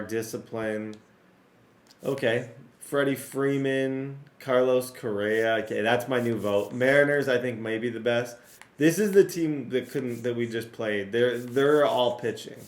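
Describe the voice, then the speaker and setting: Excitable male game commentator with a strained, cracking voice and mid pitch; roomy sound. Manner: excitable, talks to viewers, rattles off player names. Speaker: gaming YouTuber. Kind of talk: casual gameplay commentary.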